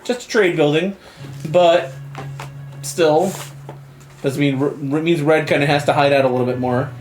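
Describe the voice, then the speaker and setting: Brief: man game master, loose rambling narration, slightly high voice, echoey room, faint music. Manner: loose, rambling, laughs often.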